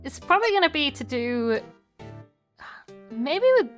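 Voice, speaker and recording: High-voiced woman muttering over a game. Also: very animated, a little slow, a bit bright, soft background music. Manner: thinking aloud, muttering to herself. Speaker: streamer. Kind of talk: let's-play commentary.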